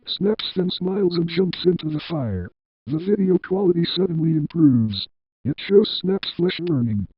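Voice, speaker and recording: A synthetic text-to-speech man's voice reading a horror story in a flat, evenly paced way. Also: on the high side, slightly rough, no room sound, highs cut off. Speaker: narrator. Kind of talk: scripted horror story narration.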